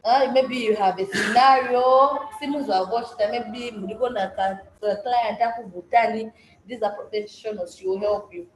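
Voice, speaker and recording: A woman's voice: a little high, fairly even intonation, normal speed, slight background noise. Woman moderating a workshop. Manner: switches between English and Swahili, restarts often. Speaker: session facilitator and interpreter. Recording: echoey room with faint ambience.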